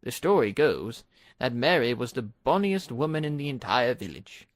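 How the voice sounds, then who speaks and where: A man voicing a calm, wise old male engine who tells a tale in a measured way in a storybook reading. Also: mid-range voice, no echo, studio quality, natural voice.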